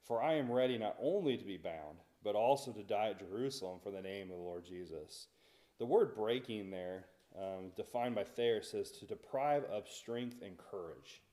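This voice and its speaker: A man's voice: fairly low pitch, dark tone. A man teaching a Bible study in a church, talking conversationally and asking the class questions.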